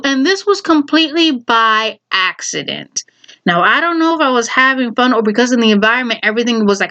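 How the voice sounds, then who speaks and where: A woman's voice: on the high side, very animated, brisk, bright, forceful tone. Woman, vlogger, casual storytelling, exasperated, heated, swearing, slightly muffled lo-fi sound.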